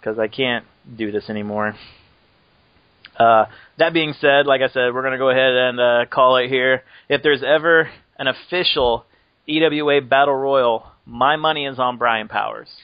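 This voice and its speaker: A man's voice: mid-range voice, normal speed, no room sound, muffled recording. A man hosting a podcast, chatting casually and joking around, laughing often as he rambles. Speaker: podcast host. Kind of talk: casual chat.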